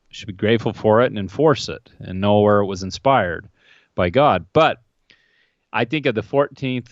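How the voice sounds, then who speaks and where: A man's voice: fairly low pitch, no room sound, lo-fi sound. A man hosting a political podcast, opinionated and wry, asking pointed questions. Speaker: podcast host.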